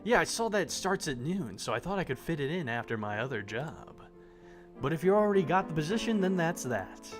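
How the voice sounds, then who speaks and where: A man's voice: on the high side, very animated, a little fast, music in the background. A man voicing a casual young male character who is looking for a job, reading a dating sim aloud.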